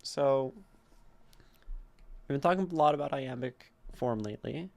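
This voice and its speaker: Male streamer, poetry teacher: unhurried, deliberate, gravelly, sounds out syllables. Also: medium pitch, a little mellow. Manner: slow, deliberate reading with gravelly tone; explains meter patiently, sounding out syllables.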